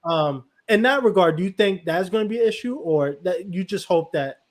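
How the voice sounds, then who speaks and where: A man with a notably high speaking voice hosts a relaxed podcast conversation. He rambles through his points, stacking up "you know" fillers as he goes. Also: moderate pace. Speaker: podcast host.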